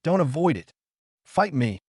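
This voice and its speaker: A man's voice: on the high side, very animated, a little fast, no room sound, studio quality, pitched above the performer's own voice. A man voicing a savage, unhinged teenage brawler who snarls his taunts. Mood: furious. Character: unhinged male teen brawler, savage and proud.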